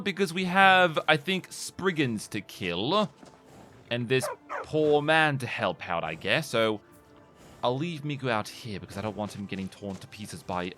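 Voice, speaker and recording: A man's voice: medium pitch, pushed and bright. A man giving casual gameplay commentary, hesitant and self-mocking, with game music behind. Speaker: gamer host.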